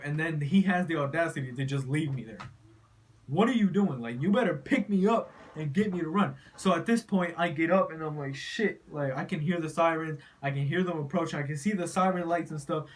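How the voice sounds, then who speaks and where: A man's voice: on the high side, a little fast. A young man telling a story casually to his viewers, rambling and profane, full of "you know" and "like.". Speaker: vlogger.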